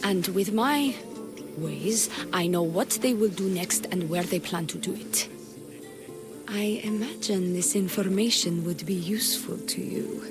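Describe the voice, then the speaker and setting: Woman doing a sultry flirty priestess, slow teasing talk, game music behind. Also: fairly low pitch, lightly acted. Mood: flirtatious. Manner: sultry, teasing, slips into breathy whispers. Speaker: game character. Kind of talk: video game voice acting.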